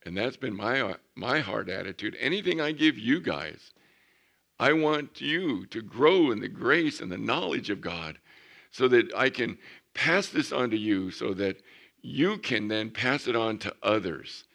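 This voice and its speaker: A man preaching a sermon as pastor, reading scripture slowly and building to emphatic points. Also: mid-range voice, animated, gravelly, a bit bright. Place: church.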